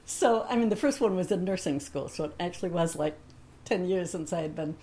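A woman's voice: fairly low pitch, a little fast, warm tone. Chatty woman telling a personal story. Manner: chatty, laughs often, acts out the other voices in her stories.

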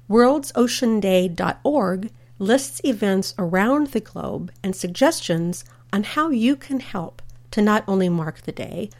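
Chatty woman host reading community events. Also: medium pitch. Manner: chatty, telling family anecdotes. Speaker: radio host. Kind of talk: scripted community radio segment.

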